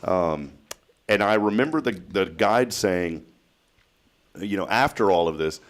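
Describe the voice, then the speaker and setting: A man's voice: sits low, moderate pace. A man hosting a casual morning talk show, telling stories and laughing often. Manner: chatty storyteller, laughs often. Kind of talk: casual chat.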